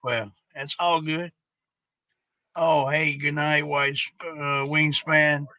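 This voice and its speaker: A man's voice: fairly high pitch, flat delivery, bright, forceful tone, no echo. A man hosting a casual live stream, rambling and swearing freely as he chats with viewers. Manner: rambling, profane, drawn-out.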